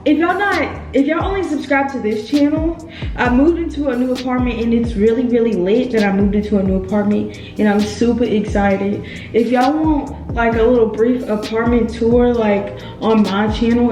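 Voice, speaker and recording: A woman's voice: mid-range voice, echoey room, rough recording. A young woman chatting casually through a hair tutorial vlog, playful and rambling with lots of asides. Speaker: beauty vlogger. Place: echoey room at home.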